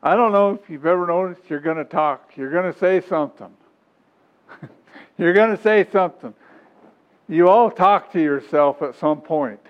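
Male pastor, fairly high voice, homespun sermon delivery, thin phone-quality sound. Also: normal speed, pauses often. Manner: folksy, repetitive preaching with chuckles. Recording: tinny phone-like recording.

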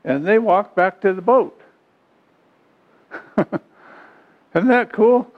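A man with a somewhat high voice delivers a sermon, reading passages aloud and then breaking them down in folksy, chuckling asides. The recording is dull and lo-fi. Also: extremely slow. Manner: reads scripture then explains it in homey, chuckling asides. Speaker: preacher.

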